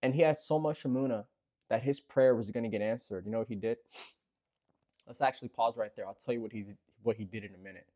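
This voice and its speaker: A man's voice: medium pitch, fast talker, warm tone. A man retelling a scripture story in an earnest, conversational way, often speaking straight to the listener and repeating himself for emphasis. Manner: conversational, repetitive, earnest, addresses listener directly. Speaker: bible storyteller.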